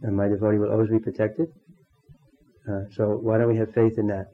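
A man teaching a devotional class in a halting way, pausing often and clearing his throat. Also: fairly low pitch, little pitch movement, narrow, tinny audio, slight background noise. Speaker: spiritual teacher.

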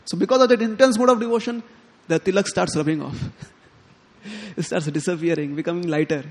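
A man giving a sermon, telling a devotional story in an animated way and acting out the characters' lines. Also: high voice, fairly quick. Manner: animated, quotes characters in lively tones, chuckles often. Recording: long hall reverb.

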